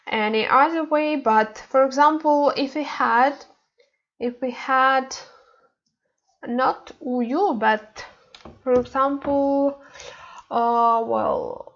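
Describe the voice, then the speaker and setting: A woman with a high voice teaches a beginner language lesson at an unhurried pace. She explains step by step, stopping often with fillers and restarts. The recording sounds slightly dull and lo-fi. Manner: halting, many fillers and restarts.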